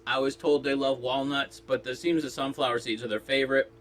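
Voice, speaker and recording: A man rambling through a jokey casual monologue, coughing often and breaking into sudden loud outbursts. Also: medium pitch, steady tone, fairly quick. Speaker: vlogger. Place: Los Angeles.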